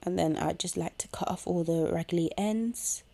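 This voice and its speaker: Chewing gum at home near a kettle, a young woman talks casually through a hair tutorial step by step. She has a lowish, mellow voice with vocal fry and speaks at a normal speed.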